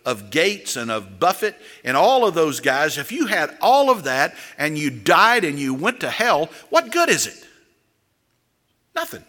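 A man preaching a sermon, slow and emphatic, with sudden loud rises for stress. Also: on the high side, big-room sound. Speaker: pastor.

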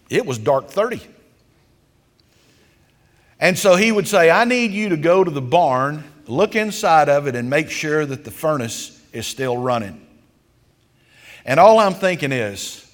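A man preaching a sermon as folksy, homespun storytelling, with emphatic swells of intensity. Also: fairly high pitch. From rural countryside. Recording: long hall reverb.

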